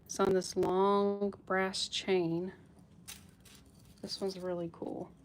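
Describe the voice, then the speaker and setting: A woman's voice: medium pitch, level tone, slow, a little hiss or hum. A woman hosting a live jewelry sale stream, chatting casually with viewers by name and laughing often. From United States.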